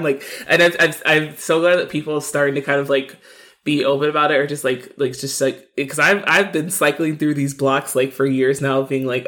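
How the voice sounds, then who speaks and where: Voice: medium pitch, steady tone, normal speed. A podcast co-host venting frustration in a rambling casual chat, full of fillers.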